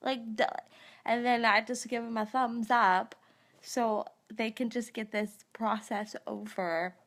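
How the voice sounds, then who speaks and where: A woman's voice: a little high, steady tone, slow pace, fairly bright tone. A woman in her thirties, groggy after dental surgery, telling a rambling story in a casual live stream. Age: 30s. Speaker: vlogger. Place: live stream recorded on a phone.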